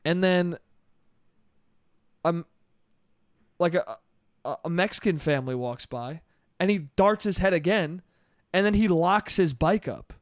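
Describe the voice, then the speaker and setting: Exasperated high-voiced man ranting. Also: measured pace, long pauses, no echo, clean studio sound. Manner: profane, exasperated storytelling with frequent "dude". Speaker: podcast host. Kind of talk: solo comedic monologue. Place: New York.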